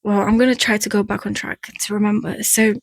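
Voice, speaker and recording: Fairly quick and flat in delivery, this woman's medium-pitched, gravelly voice is recorded with no room sound. She offers candid, chatty breakup advice to camera in a casual vlog, her Eastern European accent clear as she wanders off topic and laughs at her own remarks.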